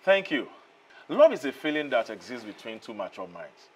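A man's voice: mid-range voice, big pitch swings, moderate pace, slightly rough. A man from Nigeria playing a self-assured journalist guest on a TV talk show, speaking in an emphatic, lecturing way.

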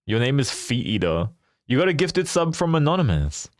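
A man's voice: medium pitch, big pitch swings, moderate pace, no echo, clean studio sound. A young man live-streaming a game, chatting casually and animatedly with his viewers and laughing often.

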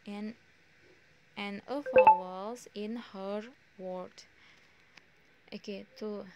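A young woman with an Indonesian accent, a student slowly reading her pronunciation exam answers with frequent pauses and fillers. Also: mid-range voice, steady tone, heavy background noise. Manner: slow, halting delivery with many pauses and fillers.

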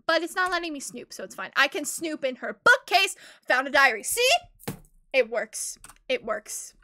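A young adult woman streaming a game live, chatting excitably in casual commentary and breaking into high giggles. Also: normal speed, slight background noise.

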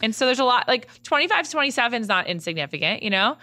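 A woman host chatting casually on a podcast, animated and full of "like" fillers, into a studio mic. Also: fairly high pitch, racing, no room sound. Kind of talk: casual chat.

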